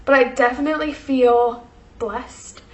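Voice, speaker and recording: A woman's voice: high voice, steady tone, unhurried, roomy sound. A young woman vlogger telling a personal story in casual chat, full of fillers, emotional and close to tears. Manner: chatty, many fillers, tearful and laughing.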